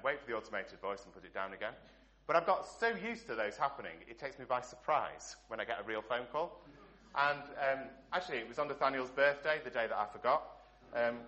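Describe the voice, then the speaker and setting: Bright-voiced English pastor preaching. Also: male voice, mid-range voice. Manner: earnest preaching with rhetorical questions and dropping endings. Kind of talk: sermon.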